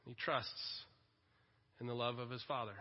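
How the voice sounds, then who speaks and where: A man in his forties preaching a sermon, telling the story in an animated way with self-deprecating humor. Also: medium pitch, a little slow. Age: 40s. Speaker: pastor. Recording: dull echoing hall recording.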